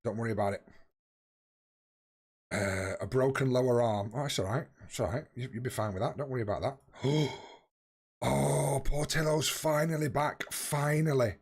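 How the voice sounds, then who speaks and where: During a live game stream, a young man chats casually while playing, greeting viewers by name and swearing freely. He has a husky, medium-pitched voice and keeps a moderate pace.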